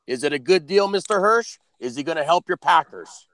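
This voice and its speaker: A man co-hosting a sports podcast who brings up the topics and asks the questions, in a brisk and emphatic way. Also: a little high, animated, a bit bright, dry recording. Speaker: podcast co-host posing questions. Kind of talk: casual sports debate.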